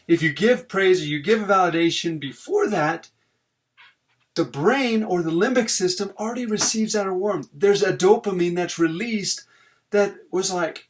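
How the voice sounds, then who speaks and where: A man's voice: high voice, lively intonation, a little slow. A middle-aged man, a family therapist, giving an earnest, conversational talk on parenting and leaning on repetition.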